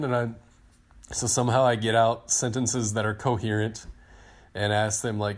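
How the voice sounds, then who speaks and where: A man in his thirties on a podcast, telling a long story in a casual, excited, rambling way and acting out what people said. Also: mid-range voice, normal speed. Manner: excited, rambling storyteller who acts out quotes. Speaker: podcast co-host, team digital director.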